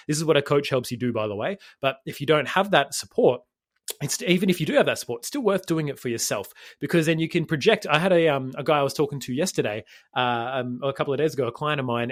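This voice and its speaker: Fast-talking man, swearing freely. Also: mid-range voice, fairly bright tone, no echo, clean studio sound. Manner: fast, rambling, swears casually, says mate. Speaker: podcast co-host and fitness coach. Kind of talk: casual podcast chat.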